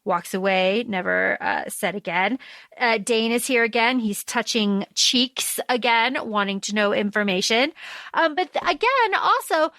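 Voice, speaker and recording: A woman co-hosting a podcast, chatting casually and acting out quotes in an animated way. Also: fairly high pitch, dry recording. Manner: animated, quick, acts out quotes. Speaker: podcast co-host. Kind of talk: casual book discussion.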